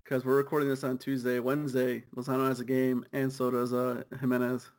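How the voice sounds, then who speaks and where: A young man co-hosts a soccer podcast in a loose, riffing chat. His voice sits at an ordinary pitch, and he keeps it light with quick jokes and laughs. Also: completely flat delivery, darkish tone. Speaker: podcast co-host.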